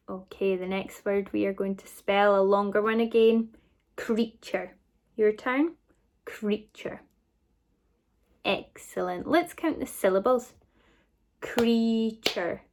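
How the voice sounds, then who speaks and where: A woman with a Scottish accent teaching a recorded phonics lesson to children, sounding out words slowly and praising often. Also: mid-range voice. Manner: slow, clear, encouraging sounding-out. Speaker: primary school teacher.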